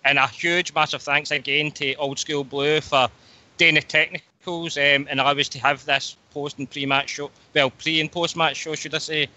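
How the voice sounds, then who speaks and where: A man hosting a casual call-in radio show, talking in a halting way with frequent pauses. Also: a little high, level tone, pushed and bright. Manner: halting, pauses often mid-sentence. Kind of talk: casual sign-off chat.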